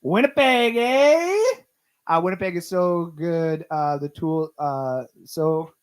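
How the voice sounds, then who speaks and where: A man's voice: on the high side, a little slow, smooth. A young man hosting a sports livestream, ranting with profanity and reading chat comments aloud. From Canada. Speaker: sports podcast host.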